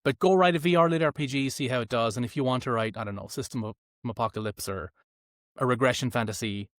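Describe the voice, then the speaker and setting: A man's voice: mid-range voice, fast talker, no room sound. Self-deprecating narrator man, dry sound. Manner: self-deprecating, animated storyteller. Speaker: audiobook narrator. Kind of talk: casual long-form conversation.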